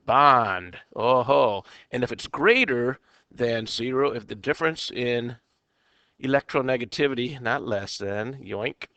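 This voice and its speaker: A man's voice: mid-range voice, moderate pace, a bit bright, no echo. A man teaching a recorded chemistry lecture, talking himself through problems with playful asides and quirky exclamations.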